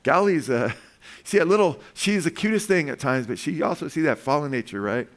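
An older man, a pastor, preaches a sermon woven from personal family stories, often chuckling and calling on the congregation for amens. His voice is fairly high, expressive, and a little fast.

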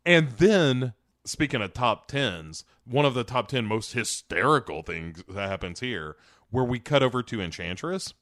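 Podcast co-host, male, lively sing-song delivery, dry close sound, playful quote voices. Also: medium pitch, no room sound. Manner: animated, acts out quotes in quick voices. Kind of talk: casual movie recap chat.

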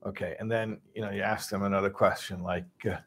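A man from Chicago casually retelling a story, animated and full of restarts, acting out voices. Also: lowish voice, fast talker, slightly rough. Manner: animated, acts out voices, many restarts and asides.

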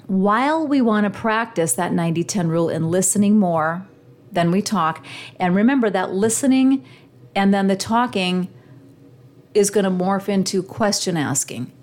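A woman's voice: mid-range voice, darkish tone. A woman hosting a show, giving an earnest coaching talk straight to her listeners. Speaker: podcast host. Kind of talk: motivational teaching monologue.

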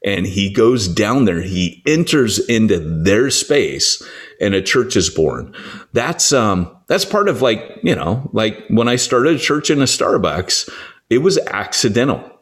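Lively low-voiced man telling stories. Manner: animated storyteller, acts out quoted voices, frequent restarts. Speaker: church planting author and guest. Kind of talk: conversational teaching.

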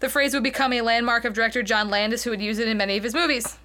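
Bright-voiced woman reading trivia. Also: on the high side, steady tone, rapid-fire. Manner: reads trivia aloud, stumbling over names. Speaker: podcast co-host reading film trivia. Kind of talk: casual chat.

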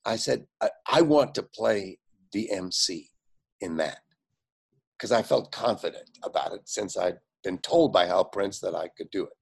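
An older man, a guest, telling anecdotes in an animated way, acting out other people's lines and often laughing. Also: low voice, normal speed, gravelly, husky. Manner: animated storyteller, quotes others in lively voices, frequent fillers and laughs. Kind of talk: anecdotal storytelling.

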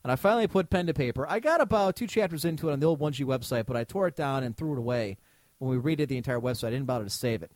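A man's voice: mid-range voice, lively intonation, very fast, a little mellow, no room sound. A man co-hosting a podcast in casual chat, ranting and swearing freely. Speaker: podcast co-host.

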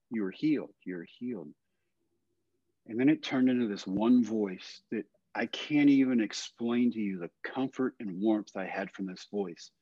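An older man telling a personal story in a podcast interview, earnest and plain-spoken, often trailing off softly. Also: fairly low pitch, breathy edge, dry recording. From Texas. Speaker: guest. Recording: dull, dry, lo-fi audio.

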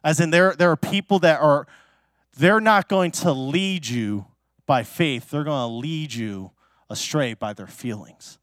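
A man with a notably high voice preaches as a pastor, telling stories in a loose, conversational way. He fills his talk with fillers and restarts. The sound is dry and close, with little room echo. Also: unhurried, a bit bright. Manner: chatty, with many fillers and restarts. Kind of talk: casual storytelling sermon. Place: church.

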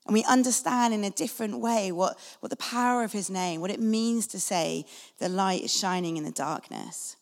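Female preacher, conversational and earnest, slight vocal fry, in a reverberant church hall. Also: medium pitch, normal speed. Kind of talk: sermon. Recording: long reverb of a large hall.

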